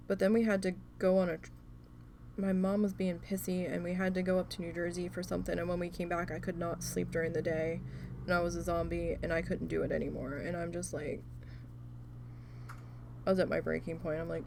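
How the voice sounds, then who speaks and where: Gravelly-voiced woman venting casually. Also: medium pitch, normal speed, a little hiss or hum. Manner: animated, profane venting with quoted dialogue. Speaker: craft video host. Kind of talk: casual storytelling while crafting.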